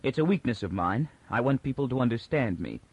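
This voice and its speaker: A man voicing a calm, controlled mutant villain who speaks tolerantly and with quiet menace. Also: on the low side, normal speed, slightly rough, no echo. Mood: calm commanding.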